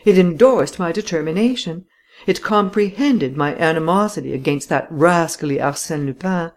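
A reader giving measured, dramatic first-person audiobook narration. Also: mid-range voice.

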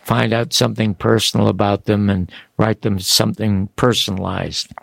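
An older man, a book author, telling animated stories as a guest on a radio talk show, acting out the voices of the people he quotes. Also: lowish voice, moderate pace, vocal fry, no echo.

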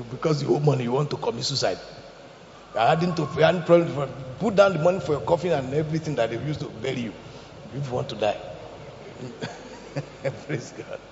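A man preaching a sermon in an animated way, shouting out quotes and laughing along with the room. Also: medium pitch, moderate pace, creaky, a little hiss or hum. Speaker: pastor. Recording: echoey hall, dull lo-fi sound.

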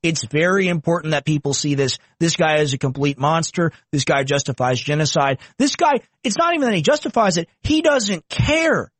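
A man's voice: on the high side, expressive, a little fast, few pauses, fairly bright tone, no echo. A young man commenting on video clips, indignant and mocking. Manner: indignant, mocking, puts on silly voices. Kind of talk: political commentary.

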